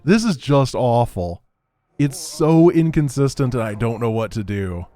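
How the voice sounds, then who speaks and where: A man's voice: medium pitch, unhurried, mellow. A man streaming a strategy game, talking through his plans and breaking into frustrated outbursts when things go wrong. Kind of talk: live gameplay commentary.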